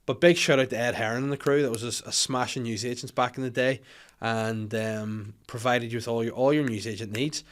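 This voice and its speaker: A young man with a Northern Irish accent hosts a comedy podcast, rambling and joking with crude asides in casual chat. His voice is medium-pitched and fairly quick, with fairly even intonation.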